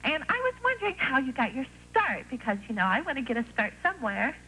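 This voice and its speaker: A woman's voice: high-pitched, very animated, quick pace, sharp tone, breathy edge. A young adult woman, a theater student, calling in to a talk show, eager and bubbly. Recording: phone line on radio.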